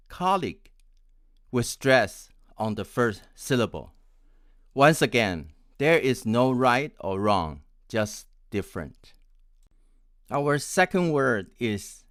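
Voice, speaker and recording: A man in his sixties from Taiwan, an English pronunciation coach, teaching in a deliberate way and spelling words out letter by letter. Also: on the low side, fairly bright tone, smooth, no room sound, clean studio sound. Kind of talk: scripted teaching.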